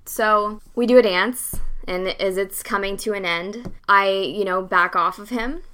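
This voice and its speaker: A woman's voice: mid-range voice, a little slow, bright, forceful tone. A young woman bluntly recounting a personal story in a casual interview, candid and swearing freely. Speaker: interview guest.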